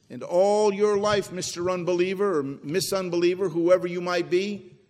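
A man preaching a sermon as pastor, swinging between emphatic peaks and low, quiet drops. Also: in a large hall. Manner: preachy, rising to emphatic then dropping low. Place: church sanctuary.

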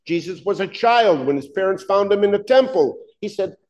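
A man delivers a sermon in a noticeably high voice. He talks emphatically but conversationally, throwing rhetorical questions at his listeners to drive each point home. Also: lively intonation, a little fast, darkish tone, highs cut off. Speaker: preacher.

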